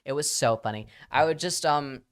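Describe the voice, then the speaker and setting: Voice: medium pitch, normal speed, clean tone. A live streamer casually telling a rambling anecdote to the audience, full of fillers and quoted voices.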